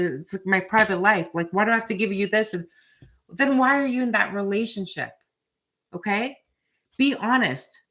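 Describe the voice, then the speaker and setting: Chatty woman with a low-ish voice. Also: fairly bright tone. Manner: direct, chatty, keeps asking "right?". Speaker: tarot reader and channel host. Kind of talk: live reading, casual chat to viewers.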